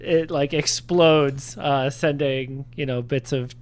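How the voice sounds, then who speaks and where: Dude at a tabletop game, slow easy talker, jokes, narrates his guy's moves. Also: medium pitch, fairly even intonation. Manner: jokey, narrates his character's actions. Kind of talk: casual tabletop game chat.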